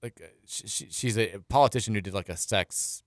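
A man's voice: fairly low pitch, a little fast, no room sound, clean studio sound. Rambling male sports radio host. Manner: loose and rambling, with frequent restarts and chuckles. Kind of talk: casual sports radio talk, reading listener texts. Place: radio studio.

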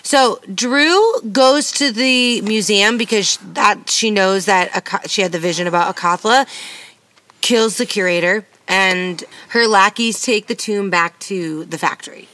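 A woman co-hosting a podcast, chatting loosely through a TV recap in a bright, clear voice. She quotes the characters and drops the odd swear word. The sound is dry and close. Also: mid-range voice, measured pace, no echo. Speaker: podcast co-host. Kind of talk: casual recap chat.

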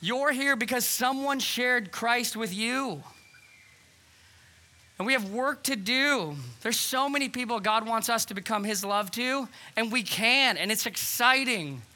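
A pastor delivers a sermon with earnest urgency, pressing questions on his listeners. His voice sits very high and sounds sharp and bright. He is a man speaking to his congregation from the front. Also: measured pace. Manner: earnest, urgent preaching with quoted dialogue. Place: church hall.

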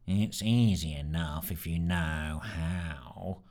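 A man voicing a dull, monotonous, rat-like man who mutters slowly and sneers while nobody listens. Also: sits low, voice pushed down. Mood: dull, sneering. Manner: slow, sneering, flat muttering.

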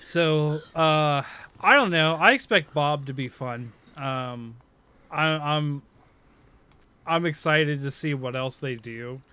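A man's voice: on the high side, slow, sharp tone, clear, resonant tone, no echo. A man co-hosting a casual gaming chat, rambling and correcting himself, laughing often. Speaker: podcast co-host.

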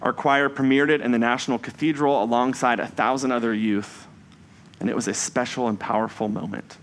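A man preaching a Sunday sermon in a measured, reflective way, slowing down for emphasis on key phrases. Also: medium pitch, steady tone, slight background noise.

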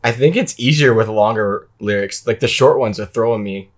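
A man's voice: lowish voice, normal speed. A man co-hosting a casual podcast, playing a lyric guessing game, playful and laughing often. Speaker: podcast co-host.

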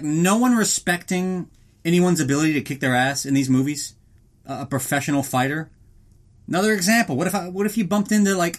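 A man hosting a podcast, recapping a film in casual, rambling, profane talk and joking about himself in the third person. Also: on the high side. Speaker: podcast host.

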